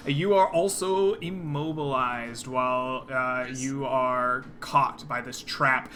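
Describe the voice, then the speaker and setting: A man narrating a tabletop game as game master, describing scenes at an unhurried pace. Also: mid-range voice, fairly even intonation, pushed and bright, slight background noise.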